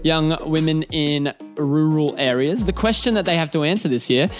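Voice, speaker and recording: A man's voice: fairly high pitch, moderate pace, faint music behind. A young man co-hosting a casual podcast, self-deprecating and joking. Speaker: podcast co-host.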